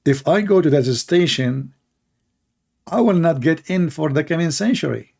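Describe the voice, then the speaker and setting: A man's voice: fairly high pitch, animated, moderate pace, creaky, darkish tone. A man hosting a livestream in casual, rambling commentary, sarcastic and full of fillers. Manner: sarcastic, mocking asides. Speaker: livestream host.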